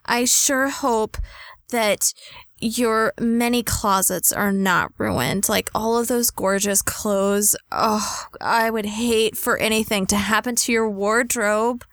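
A woman voicing a catty, fake-sweet rich teenage girl with syrupy, breathy false concern. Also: a little high, slow, fairly bright tone, dry recording, studio quality.

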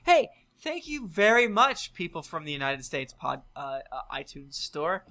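Male podcast co-host, bright high voice, jokey and self-mocking. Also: very animated, measured pace. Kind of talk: casual chat, reading listener reviews.

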